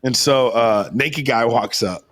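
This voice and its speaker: A man's voice: medium pitch, unhurried, fairly bright tone. A young man co-hosting a podcast, telling a long story in a rambling, profane way and insisting it's true. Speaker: podcast co-host. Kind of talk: casual storytelling.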